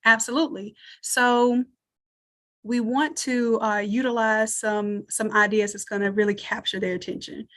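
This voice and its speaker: A woman leads a live screen-share tutorial in a fairly high voice. She talks casually and thinks out loud, narrating each click as she goes and inviting her viewers to chime in. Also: steady tone, moderate pace. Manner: chatty, thinks aloud while working. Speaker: online design instructor.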